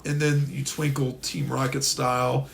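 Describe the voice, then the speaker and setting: A man co-hosting a podcast, telling a rambling comic story in a casual, animated way and slipping into silly voices. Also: mid-range voice, normal speed, vocal fry, a little hiss or hum. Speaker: podcast co-host. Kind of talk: casual comedic chat.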